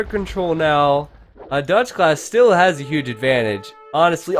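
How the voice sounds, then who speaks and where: Excitable man casting a strategy game. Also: fairly high pitch, unhurried, faint music behind. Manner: excitable, chatty, addresses viewers as guys. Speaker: game caster. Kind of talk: casual video game commentary.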